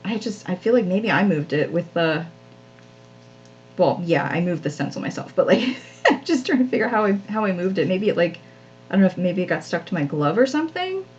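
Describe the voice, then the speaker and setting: A woman's voice: fairly low pitch, very animated, brisk, darkish tone, highs cut off, slight background noise. A woman hosting a live crafting stream, chatting casually and self-deprecatingly with viewers as she works, often laughing at herself. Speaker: craft channel host.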